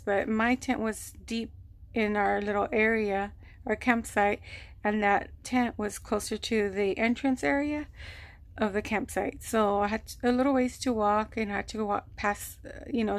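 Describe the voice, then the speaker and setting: A woman telling a long personal story on her vlog, rambling and animated, acting out what people said. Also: mid-range voice, creaky, no room sound. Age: adult, mother of a grown son. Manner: rambling, animated retelling with quoted voices. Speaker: vlogger. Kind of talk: casual storytelling.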